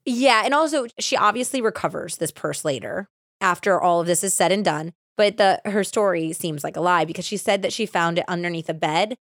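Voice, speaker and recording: A woman hosting a true crime podcast, casually retelling a case with animated acted-out quotes and lots of "like". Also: lowish voice, fairly quick, no echo, clean studio sound. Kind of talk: casual storytelling.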